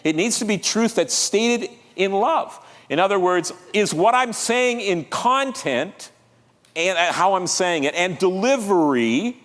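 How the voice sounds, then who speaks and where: A man preaching a sermon as pastor, conversational and lively, drawing the congregation into call-and-response. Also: sits high, big-room sound. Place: church sanctuary.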